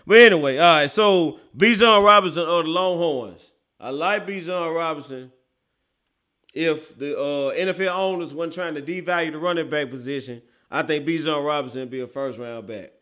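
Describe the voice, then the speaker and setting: A man from Memphis with a Southern accent hosting casual sports talk, excitable and often laughing and exclaiming. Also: on the high side, moderate pace, clear, resonant tone. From Memphis, Tennessee. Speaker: sports show host.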